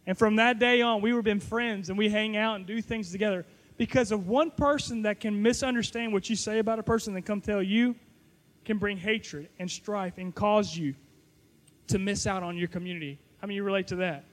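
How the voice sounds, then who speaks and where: A man with a strikingly high-pitched voice delivers a sermon built around a personal story. He jokes at his own expense and teases his listeners as he goes. He sounds middle-aged and speaks as a youth pastor addressing his audience. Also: brisk, fairly bright tone. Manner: playful, self-mocking storytelling to a live audience.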